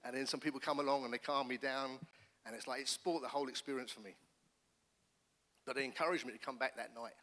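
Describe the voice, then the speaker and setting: A middle-aged man, a pastor, giving his testimony in church with earnest, animated storytelling. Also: medium pitch, fast. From England. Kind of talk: personal testimony sermon. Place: church hall. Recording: long church hall reverb.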